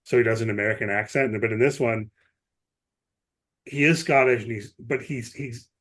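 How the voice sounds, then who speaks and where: A man's voice: medium pitch, fairly even intonation, moderate pace, fairly bright tone. A man co-hosting a podcast, explaining at length in casual chat, with many asides and restarts. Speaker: podcast co-host.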